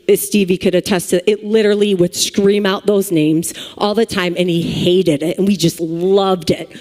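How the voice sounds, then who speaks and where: A woman's voice: a little high, darkish tone. A woman in her thirties giving a sermon, chatty and joking with the congregation between points. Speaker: speaker at a church service. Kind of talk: sermon with personal stories. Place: large church hall with live audience. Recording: long hall reverb.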